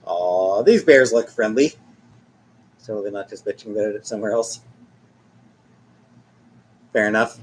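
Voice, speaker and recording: A man's voice: lowish voice, measured pace, long pauses, low-quality recording. A man in his forties chatting casually while showing family photos, rambling, jokey and self-mocking. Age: 40s. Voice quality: husky. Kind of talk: casual chat.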